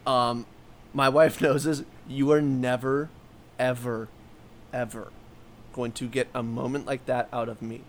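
A man's voice: medium pitch, flat delivery, measured pace, slight background noise. A man chatting casually as a podcast co-host, talking candidly in a rambling way with many fillers and restarts. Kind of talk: casual chat.

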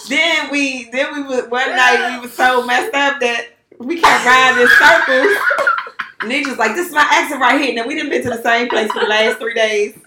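Animated woman co-host in a roomy space with noise behind her, laughs as she tells stories. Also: high-pitched, moderate pace. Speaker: podcast co-host. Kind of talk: casual chat. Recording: roomy and noisy.

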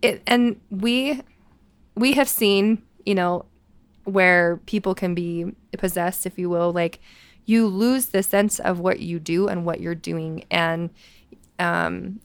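Lowish woman retelling a story. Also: creaky, clean tone, no room sound. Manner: animated, quotes people as she tells the story. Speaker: paranormal podcast co-host. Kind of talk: casual storytelling chat.

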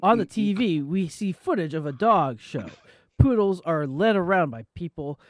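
A woman reading stage directions aloud in a casual, halting script read-through. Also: fairly low pitch, lively intonation, no room sound, studio quality. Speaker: script reader.

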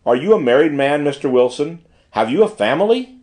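A man voicing a brisk, fussy middle-aged male manager who talks formally and gushes in an audiobook reading. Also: fairly high pitch, very animated, darkish tone. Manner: formal, gushing and exacting.

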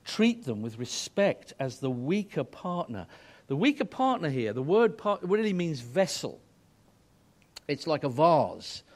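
A man's voice: a little high, very animated, a little slow, darkish tone. A middle-aged man preaching a sermon to married couples, earnest and emphatic, rising to fervent exhortation.

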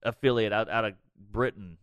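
A man's voice: lowish voice, normal speed, clean tone, no room sound, dull audio. A man, a comedian guest, telling a story in casual, profane podcast talk. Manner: animated, profane.

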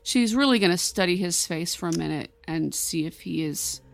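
Low-voiced woman player, dry sound. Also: animated, creaky, no echo. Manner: quick asides describing her character's actions. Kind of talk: playing a tabletop game.

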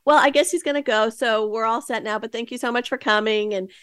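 A woman's voice: on the high side, brisk, a bit bright, clean tone, dry recording, studio quality. A woman hosting a podcast, telling a story in a chatty, casual way with lots of fillers and asides. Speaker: podcast host.

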